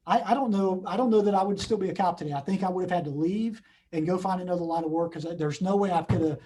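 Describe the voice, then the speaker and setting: A man's voice: high voice, fast, dark tone, slight background noise. Earnest man on a video call. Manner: earnest, many restarts and repeats. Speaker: police chief, guest speaker. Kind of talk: unscripted storytelling at a community meeting. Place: his office.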